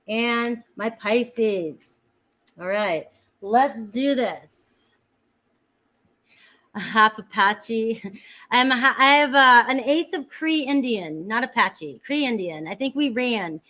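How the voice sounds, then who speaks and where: Heard on a rough recording, this tarot reader from Florida, USA, has a mid-range, fairly bright voice. She keeps things casual with viewers, greeting them by name and calling out each sign as she reads.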